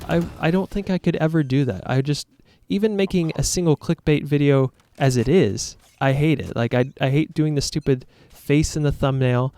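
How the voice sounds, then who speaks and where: A man's voice: on the high side, normal speed, few pauses, a little mellow. A man talking to his viewers as a YouTuber in a casual, reflective monologue, earnest, rambling and self-critical.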